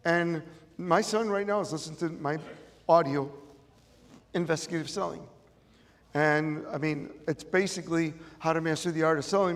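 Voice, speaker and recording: Middle-aged chicago guy, motivational talk, hammers the same lines, reverb trailing off the walls. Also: a little high. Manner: emphatic, repeats key phrases. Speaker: motivational speaker. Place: event room with audience. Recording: long reverb of a large room.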